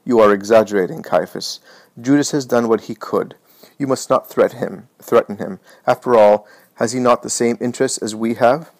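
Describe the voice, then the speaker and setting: A man's voice: normal speed, dry recording, lightly acted. A man doing an ice-cold, scheming elder. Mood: icy calm. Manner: quiet, smooth, low.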